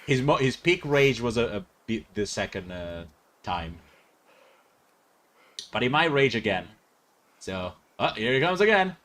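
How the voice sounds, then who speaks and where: A man's voice: lowish voice, lively intonation, unhurried, long pauses, fairly bright tone. A male streamer chatting casually and reacting with frequent laughter while watching a video.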